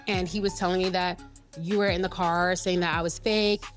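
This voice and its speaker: Woman, fast and indignant, with clear music under her. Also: fairly low pitch, steady tone. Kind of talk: casual chat.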